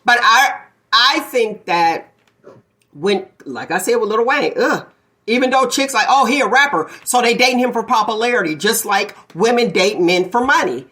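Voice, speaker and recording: A woman's voice: on the high side, lively intonation, moderate pace, fairly bright tone. A woman hosting a casual talk show, blunt and opinionated, laughing often as she gives her views. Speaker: podcast host. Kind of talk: casual chat.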